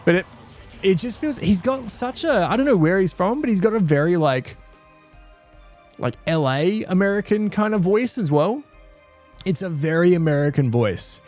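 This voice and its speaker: He speaks at a moderate pace in a high, darkish voice with lively intonation. An Australian streamer doing a casual music reaction, he thinks out loud earnestly, rambling and restarting often.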